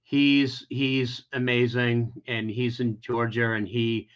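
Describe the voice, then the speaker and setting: A man's voice: medium pitch, flat delivery, slow pace, smooth. A man as an interview guest, telling a personal story in an emotional, rambling way with many restarts. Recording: dull lo-fi audio.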